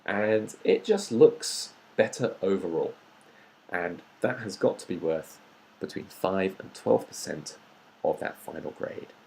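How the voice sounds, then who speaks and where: A man teaches a grammar lesson. He explains patiently and step by step, often pausing on an um before he goes on. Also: deep voice, expressive, vocal fry, a little mellow, low-quality recording. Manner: patient, explanatory, with frequent ums. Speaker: tutor.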